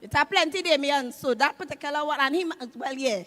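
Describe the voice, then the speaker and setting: A woman in her fifties with a Trinidadian accent, doing loud, animated stand-up comedy on a live stage. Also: high voice, quick pace. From Trinidad and Tobago. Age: 50s. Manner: loud, animated, shouting punchlines.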